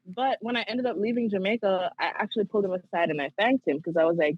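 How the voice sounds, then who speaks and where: A woman's voice: medium pitch, quick pace, slightly rough, dry recording, highs cut off. A young woman guest in a casual chat, telling her story reflectively and acting out her own past words. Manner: reflective storytelling, laughs easily, acts out her own quotes. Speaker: podcast guest.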